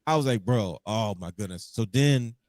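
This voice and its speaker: A man's voice: fairly low pitch, lively intonation, normal speed, a little mellow, no echo. A man co-hosting a podcast in casual chat, telling stories animatedly and acting out his own reactions. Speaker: podcast co-host.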